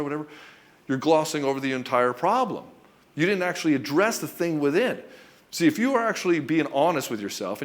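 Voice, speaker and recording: A man coaching husbands in a blunt, profane way, often acting out quick back-and-forth exchanges between a husband and his wife. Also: medium pitch. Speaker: relationship coach. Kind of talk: direct-to-camera coaching talk.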